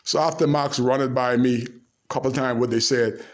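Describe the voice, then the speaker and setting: A man telling animated, laugh-filled anecdotes to the camera in a casual way. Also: mid-range voice, normal speed. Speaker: storyteller.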